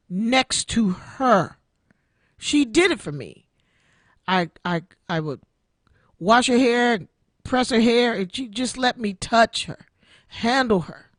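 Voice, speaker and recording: Emotional woman in her sixties, slow. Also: on the high side, fairly bright tone, no room sound, studio quality. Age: 60s. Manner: emotional, repeats phrases like a preacher. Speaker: internet radio show host. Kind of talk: heartfelt personal testimony.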